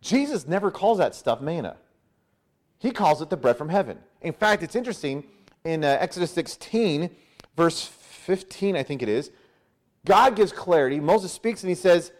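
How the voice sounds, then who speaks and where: A man preaching a sermon, acting out voices in a lively, conversational way. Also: fairly high pitch, moderate pace. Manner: animated, acts out crowd voices with "hey". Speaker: pastor.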